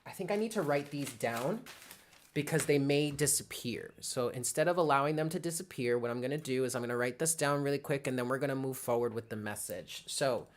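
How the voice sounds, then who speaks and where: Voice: medium pitch, brisk. A tarot reader giving a live reading to viewers, talking casually, thinking aloud, greeting viewers by name and often checking in with "okay?". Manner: addresses chat viewers by name.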